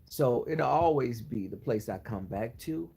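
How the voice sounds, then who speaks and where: A man's voice: mid-range voice, animated, measured pace, creaky, mellow, slight background noise. A man on his channel chatting casually with viewers, gossipy and frank with his opinions. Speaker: YouTuber answering viewers. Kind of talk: casual live-stream chat.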